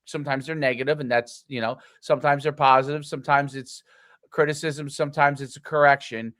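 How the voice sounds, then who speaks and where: A man co-hosting a podcast, speaking haltingly and searching for words with many restarts. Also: medium pitch, level tone, a bit bright, no echo. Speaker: podcast co-host. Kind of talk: casual podcast conversation.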